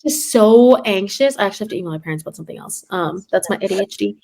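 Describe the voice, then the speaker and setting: Young teacher lady telling stories, sarcastic, animated, mid pitch. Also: rapid-fire. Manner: sarcastic, animated storyteller acting out classroom quotes. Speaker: podcast host and third grade teacher. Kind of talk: casual chat.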